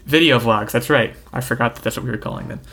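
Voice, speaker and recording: A man's voice: medium pitch, fast talker, bright, forceful tone. Easygoing joking podcast host, a man. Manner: easygoing and jokey, with lots of hesitation sounds. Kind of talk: casual podcast chat.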